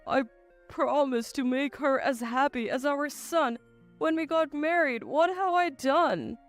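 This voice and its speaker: A woman's voice: fairly high pitch, lively intonation, moderate pace, faint music behind, natural voice. A woman voicing a stammering, guilt-stricken retired father in a storybook drama. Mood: remorseful. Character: remorseful retired father, older man.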